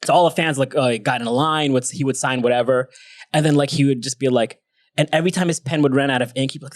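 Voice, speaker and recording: A man's voice: medium pitch, fast talker, no echo. A young man co-hosting a podcast, telling a long rambling story in casual chat, swearing a lot and laughing as he goes. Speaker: podcast co-host.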